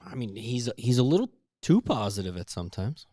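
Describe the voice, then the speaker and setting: A man's voice: medium pitch, big pitch swings, fairly quick, warm tone, no room sound, studio quality. A man co-hosting a podcast, joking and rambling in casual chat. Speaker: podcast co-host.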